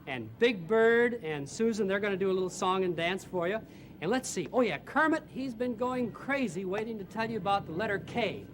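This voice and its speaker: A man hosting a children's TV show, speaking in a gentle, soft-spoken and coaxing way. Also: high-pitched, expressive, brisk, a little hiss or hum. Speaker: host. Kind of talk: children's TV presenting.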